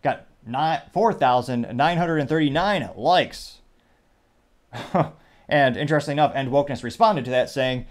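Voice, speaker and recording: A man's voice: medium pitch, moderate pace. A man hosting a commentary show, reading social media posts and memes aloud with wry, rambling asides. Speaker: host.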